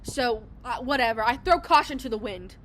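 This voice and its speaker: A woman's voice: on the high side, normal speed. Chatty young woman telling a story. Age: young adult. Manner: animated, acts out other people's lines in quotes. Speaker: podcast host. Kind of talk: casual storytelling chat. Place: public place.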